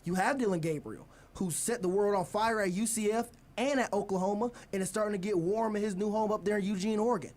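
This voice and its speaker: A man's voice: sits high, quick pace, hardly any pauses. A young man hosting a college sports radio show, talking casually and energetically as he previews games. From United States. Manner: energetic, leads the segment, stalls and laughs.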